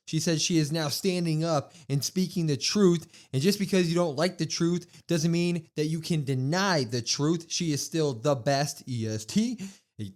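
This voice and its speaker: A man co-hosting a podcast, recapping a wrestling show in casual chat and reading out quotes with emphasis. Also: on the high side. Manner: animated, reads out quotes with emphasis. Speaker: podcast co-host.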